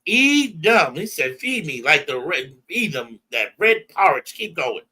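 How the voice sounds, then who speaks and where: A high-voiced American man teaches scripture with a bright, ringing tone. His pitch swings widely as he prompts a reader and retells verses in casual slang. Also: sing-song, unhurried, breathy edge. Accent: American English. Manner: emphatic, call-and-response, paraphrases verses in slang. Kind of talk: bible class teaching.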